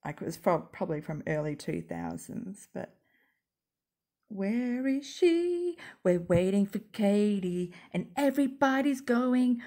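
A woman with a croaky voice rambling sarcastically at home while smoking, as a YouTube commentator. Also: mid-range voice, big pitch swings, moderate pace, hardly any pauses, warm tone. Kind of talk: rambling casual monologue.

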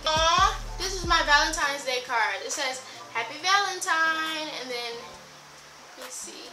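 A woman's voice: sits high, animated, a little slow, echoey room, music in the background, rough recording. A teenage girl vlogging casually, reading her old diaries aloud and reacting with gasps, laughs and exclamations. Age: teens.

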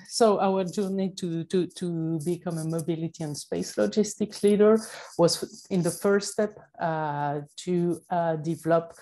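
French-accented woman, slow and halting. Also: fairly low pitch, dark tone, rough recording. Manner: halting, many fillers and self-corrections. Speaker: panel speaker. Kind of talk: conference presentation.

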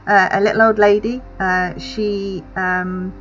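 A woman narrating a tabletop game as game master, in an unhurried way with many fillers, on a dull lo-fi recording. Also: mid-range voice, level tone.

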